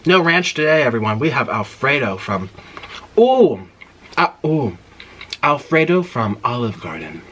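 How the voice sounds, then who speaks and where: A man's voice: mid-range voice, unhurried, slight background noise. Guy doing a mukbang, telling a drive thru story all worked up, voice bouncing all over. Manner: animated, indignant retelling with mouth-full murmurs. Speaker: mukbang host. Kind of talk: storytelling while eating on camera.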